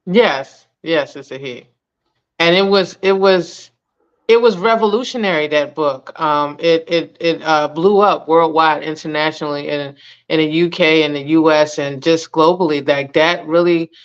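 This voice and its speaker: A woman's voice: deep voice, measured pace. Enthusiastic woman guest, lo-fi sound. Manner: enthusiastic, chatty, with fillers. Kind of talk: casual interview chat. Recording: dull lo-fi sound.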